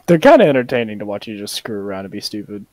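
Dude on a headset call, super animated pitch, teasing his buddy and laughing. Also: rapid-fire, no room sound. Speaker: friend on voice call. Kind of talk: casual chat on a call.

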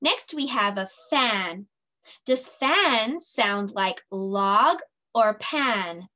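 A woman leading a children's circle time lesson, speaking in a slow, sing-song, encouraging way and stretching her words out. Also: medium pitch, expressive, sharp tone. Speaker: preschool teacher.

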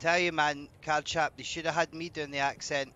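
A Scottish man commentating his own game stream, excitable and swearing as he panics loudly. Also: fairly high pitch, moderate pace.

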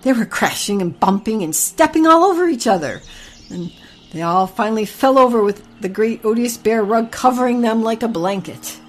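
A woman telling a children's barnyard story in a gentle, even reading voice. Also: fairly high pitch, normal speed.

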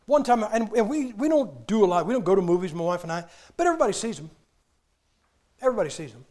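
High-voiced folksy older man preaching. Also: darkish tone. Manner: folksy, joking, acts out movie scenes. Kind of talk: humorous sermon storytelling. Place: church.

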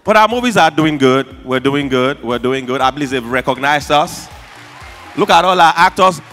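Nigerian stand-up comic, high bright voice, animated shouting delivery, faint music behind. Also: male voice, moderate pace. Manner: animated, shouting punchlines, mimicking squealing fans. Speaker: stand-up comedian. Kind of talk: stand-up comedy. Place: awards show stage.

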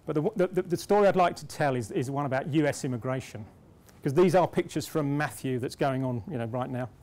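A middle-aged British man addresses a conference hall in a medium-pitched, slightly darkish voice, talking a little fast. He tells a self-deprecating anecdote, restarting as he goes, before getting to his point.

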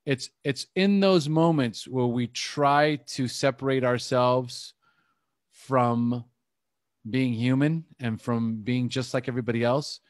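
A man's voice: mid-range voice, slow pace, no echo, studio quality. Candid man telling a confessional story. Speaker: life coach. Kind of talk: personal story told to a group call.

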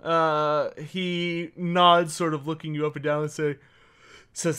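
A man narrating as game master of a tabletop game, halting often with fillers. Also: a little high, flat delivery, pushed and bright, smooth. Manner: halting, lots of uh.

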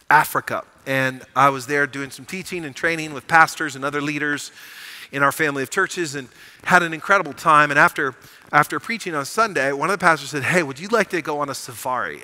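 Pastor, male, middle-aged; high, bright voice, animated sermon storytelling. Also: brisk, poor audio. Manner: animated storytelling, rising to emphatic proclamation. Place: church sanctuary.

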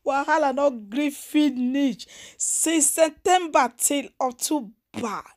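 Animated Nigerian woman gossip host. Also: sits high. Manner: animated, mocking, sing-song repetitions. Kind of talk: casual celebrity gossip commentary.

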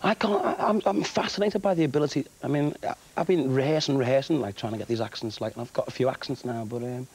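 A man's voice: mid-range voice, darkish tone, breathy edge, poor audio. A young man, an actor guest on a TV sofa, talking eagerly with lots of restarts. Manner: fast, eager, full of restarts and "like". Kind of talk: chatty TV sofa interview. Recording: faint hiss of an old TV broadcast.

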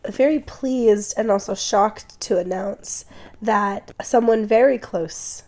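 A woman's voice: medium pitch, slow, a little mellow. A woman co-hosting a podcast while sick with a cold, keeping the talk casual. She jokes around and laughs often between her sentences. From Portland area. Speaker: podcast co-host. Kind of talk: casual chat.

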